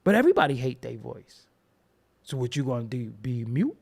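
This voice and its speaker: Gravelly-voiced man telling stories. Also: mid-range voice, big pitch swings, fairly quick, a little mellow. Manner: profane, rambling storytelling; acts out quoted voices. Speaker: host. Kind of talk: casual monologue.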